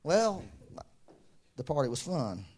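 A man's voice: fairly high pitch, big pitch swings, takes it slowly, a little mellow, a little hiss or hum. A middle-aged man preaching a sermon, telling stories, acting out quoted voices and laughing often. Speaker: pastor.

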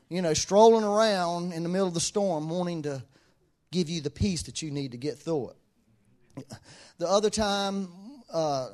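A man preaching a sermon in an animated, conversational way, often chuckling between points. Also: on the high side.

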